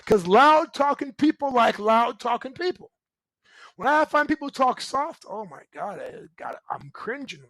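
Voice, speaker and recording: A middle-aged man giving a motivational relationship talk as host, loud and emphatic, often checking in with "right?". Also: very high voice, lively intonation, a little slow, no room sound, rough recording. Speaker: relationship coach and show host.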